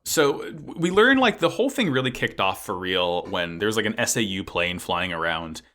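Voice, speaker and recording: Man, casual podcast recap, bright tense voice, animated, swears and jokes. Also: on the low side, moderate pace. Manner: lively, swearing, joking recap. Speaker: podcast co-host. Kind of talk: casual anime recap chat.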